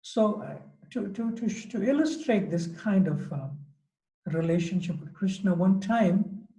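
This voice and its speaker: High-voiced man telling a sacred story. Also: dark tone, roomy sound, low-quality recording. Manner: halting, many restarts and fillers. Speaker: monk giving a scripture class. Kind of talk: storytelling lecture.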